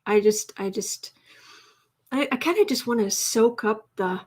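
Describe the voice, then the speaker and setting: A woman's voice: on the high side, expressive, measured pace, darkish tone, husky. A woman hosting a live tarot stream, chatty and emotional, teary at times, reading out viewer comments. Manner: emotional and chatty, many restarts.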